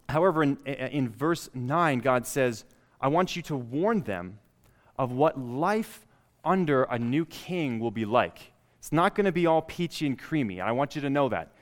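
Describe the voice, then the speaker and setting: A man preaching a sermon, reading scripture aloud and building up emphasis on key lines. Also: a little high. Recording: long reverb of a hall.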